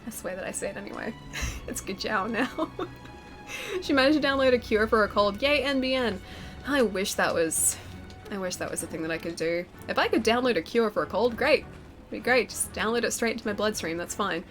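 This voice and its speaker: This game streamer talks briskly to her live audience, her medium-pitched, slightly bright voice full of lively intonation despite a cold that makes her sound nasal. Faint music plays behind her as she giggles and jokes at her own expense, close to a pop-filtered studio mic in her home gaming room.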